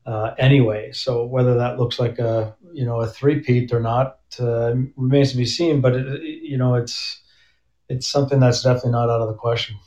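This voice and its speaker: A man's voice: medium pitch, fairly even intonation, fairly quick, a little mellow. A man who is a hockey coach, chatting casually in an interview with many restarts and fillers. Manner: conversational, frequent restarts and fillers. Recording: roomy, dull remote audio.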